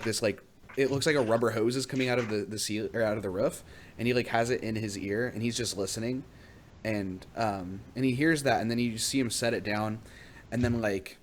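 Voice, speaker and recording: A man's voice: medium pitch, a little hiss or hum. A young man narrating as game master in a rambling, filler-heavy way. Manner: rambling, full of fillers and restarts.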